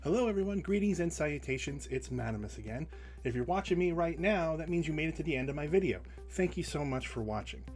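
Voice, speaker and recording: A man telling a retail work story in a casual rant, animated and full of restarts. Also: on the high side, quick pace, soft background music. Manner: animated, acts out the people in his story; repeats and restarts words often. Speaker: storytelling vlogger.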